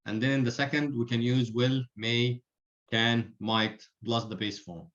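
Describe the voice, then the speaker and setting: A man's voice: medium pitch, fairly even intonation, a little slow, fairly bright tone. Patient male teacher, dull call audio. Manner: patient, explains with spoken examples. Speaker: grammar teacher. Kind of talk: online class teaching.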